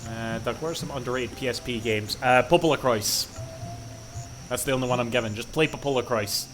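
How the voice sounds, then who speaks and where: A man's voice: mid-range voice, fairly quick, music in the background. A man with a Scottish accent, rambling playfully and swearing as he streams a game. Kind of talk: casual gaming commentary.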